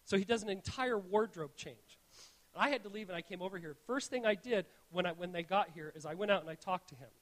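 A man with a notably high voice delivers a sermon to his congregation. He speaks earnestly and tells stories as he goes, and his phrases often stumble and restart. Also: fast talker, a bit bright. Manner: earnest, storytelling, frequent restarts. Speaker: pastor. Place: church.

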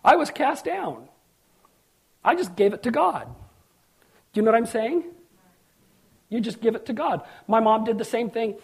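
A man's voice: very high voice, very animated, moderate pace, gravelly, pauses often, slightly rough. A middle-aged man preaching a sermon as pastor, telling personal stories and acting out the voices in them, building to emphatic peaks. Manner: storytelling preacher, acts out quotes, rises to emphatic peaks.

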